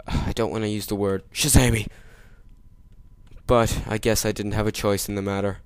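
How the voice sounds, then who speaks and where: A man doing gameplay commentary, joking, making sarcastic asides and yelling at the game. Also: on the low side, level tone, moderate pace, smooth, no room sound. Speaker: let's play gamer.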